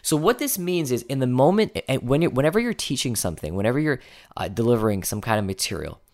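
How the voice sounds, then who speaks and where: A man's voice: medium pitch, lively intonation, fast. A man hosting a coaching podcast, giving an instructional talk that shifts pace and stresses key words, sometimes counting items aloud to himself.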